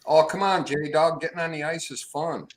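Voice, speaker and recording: A man's voice: fairly high pitch, fairly even intonation, moderate pace, a little hiss or hum. A man co-hosting a casual talk show, joking and teasing his friends. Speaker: podcast co-host. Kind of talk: casual chat.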